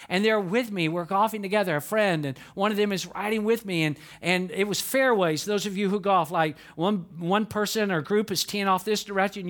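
A high-pitched man preaching a sermon as a pastor. He tells stories with lively bursts of feeling, then drops to soft, earnest asides. He sounds middle-aged. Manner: storytelling, swings from animated outbursts to hushed earnest tones.

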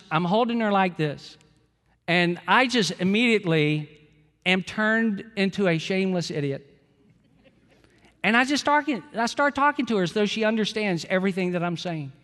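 A man's voice: high-pitched, lively intonation, normal speed, fairly bright tone, long reverb tail. A middle-aged man preaching a sermon as pastor, earnest and storytelling, repeating phrases for emphasis.

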